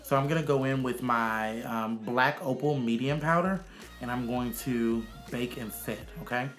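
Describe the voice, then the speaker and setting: A man's voice: mid-range voice, moderate pace, a bit bright, faint music behind. A man, a makeup artist giving a sassy, chatty casual makeup tutorial. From Arkansas, USA. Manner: sassy and chatty, calls viewers honey and child.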